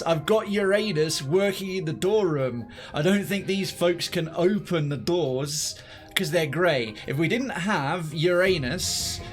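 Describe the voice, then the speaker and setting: A young man giving animated, swearing live gameplay commentary and thinking aloud. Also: fairly high pitch. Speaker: streamer.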